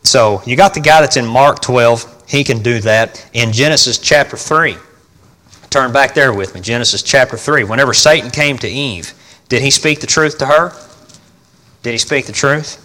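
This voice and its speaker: A male pastor preaches in a folksy, emphatic voice and keeps putting questions to his congregation. His delivery swings from loud to quiet, and his voice sits at an ordinary middle pitch. A long reverb trails after him across a large hall. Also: normal speed. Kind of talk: sermon.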